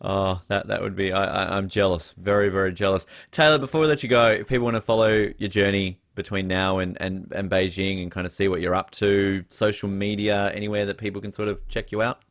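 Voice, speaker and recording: A man's voice: low voice, flat delivery, brisk, hardly any pauses. A man hosting a casual podcast interview in a chatty, upbeat way. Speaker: podcast host.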